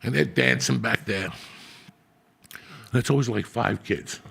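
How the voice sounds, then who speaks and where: A man's voice: mid-range voice, measured pace, vocal fry, long pauses, fairly bright tone, husky. A middle-aged man hosting a podcast, telling rambling, profane street-style stories in casual chat. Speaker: podcast host.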